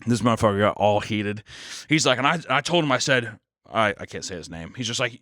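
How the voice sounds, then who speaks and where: A young man co-hosting a podcast, telling a story in a casual, animated way, swearing freely and acting out quotes. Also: lowish voice, brisk, no room sound, studio quality. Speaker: podcast co-host.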